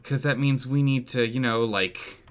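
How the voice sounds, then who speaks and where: A man giving live commentary on a colony game, animated and exclaiming, pleading with his characters. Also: medium pitch, a little slow, clean tone. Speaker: streamer playing a colony game.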